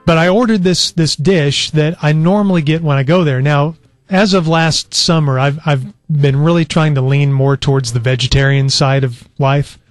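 A man's voice: fairly high pitch, steady tone, moderate pace, no room sound. A man in his forties hosting a radio show, sounding weak and worn out as he tells a long story in easy chat. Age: 40s. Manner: easygoing storyteller. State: weak and worn out after illness. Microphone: studio microphone.

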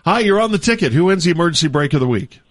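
A man hosting a sports radio call-in show, brisk and amused as he takes callers. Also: on the high side, animated, no room sound, clean studio sound. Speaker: radio host.

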